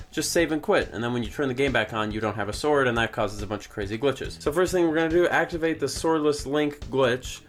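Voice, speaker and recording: A young man hosting a gaming video, talking over his play in a dry, rambling way with offhand jokes. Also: mid-range voice. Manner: dry, rambling, jokey asides. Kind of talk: deadpan gameplay commentary.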